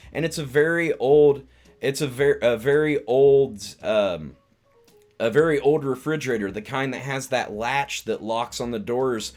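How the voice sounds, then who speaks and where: A man casually retelling a film's scenes on a live stream, meandering and restarting his sentences often. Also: mid-range voice. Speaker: streamer and comedian reviewing a film.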